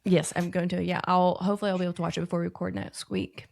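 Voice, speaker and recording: Chatty woman podcaster with vocal fry. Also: lowish voice, little pitch movement, very fast, darkish tone. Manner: candid and self-deprecating, laughs at herself. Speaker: podcast co-host. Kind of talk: casual chat.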